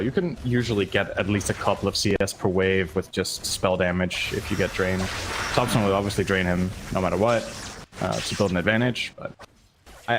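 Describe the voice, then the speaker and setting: A man's voice: lowish voice, slight background noise. A man commentating an esports match live, breaking down plays analytically and thinking aloud. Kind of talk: casual live game commentary.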